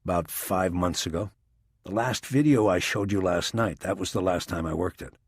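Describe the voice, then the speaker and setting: A man voicing a stubborn middle-aged male police detective in an audiobook, speaking flatly and insistently. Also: deep voice, moderate pace, breathy edge, no echo, clean studio sound. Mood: matter-of-fact.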